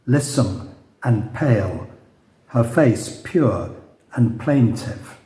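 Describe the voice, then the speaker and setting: A man reads his own novel to a listening crowd, his storytelling dry and broken by hesitant asides. His voice is low and mellow, his pace slow. The sound is roomy, with an echo off the walls. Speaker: author. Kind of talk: reading his novel aloud to an audience. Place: room with a live audience.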